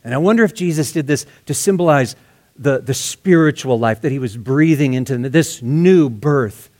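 A man preaching a verse-by-verse sermon in a conversational way, dropping to soft, hushed tones for emphasis. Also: medium pitch, lively intonation, moderate pace. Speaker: pastor. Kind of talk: expository sermon.

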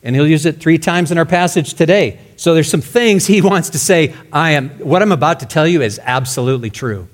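A male pastor preaching a sermon emphatically, his voice rising loud and dropping to a hush. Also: on the high side, brisk, few pauses. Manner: emphatic, swinging between loud and hushed.

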